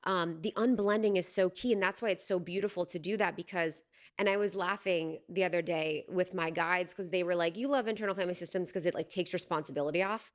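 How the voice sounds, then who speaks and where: A woman's voice: on the low side, brisk. A young adult woman hosting a podcast, chatting casually and animatedly, often laughing and saying "like". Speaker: podcast host. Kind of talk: casual conversation.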